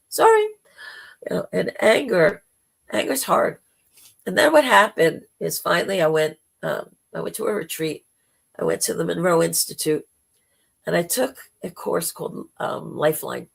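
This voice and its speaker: A woman hosting a live spiritual talk, telling a personal story slowly and heartfelt, with dramatic quoted asides. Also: low-pitched, vocal fry, breathy edge. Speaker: spiritual talk show host.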